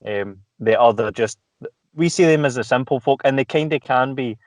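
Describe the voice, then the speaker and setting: A man's voice: medium pitch, moderate pace, no room sound. A Scottish man chatting casually as a podcast guest, swearing freely and laughing as he tells stories. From Scotland. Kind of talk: casual chat.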